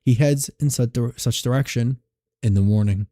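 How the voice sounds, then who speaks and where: Dark-voiced man reading aloud. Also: mid-range voice, no room sound, clean studio sound. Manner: halting, restarts words while reading. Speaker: streamer. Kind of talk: reading his own novel aloud on a live stream. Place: home streaming setup.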